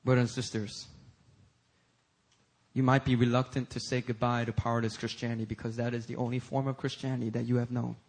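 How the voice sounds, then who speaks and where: A man preaching a sermon as pastor, swinging between loud emphatic peaks and low, intense passages. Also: flat delivery, brisk.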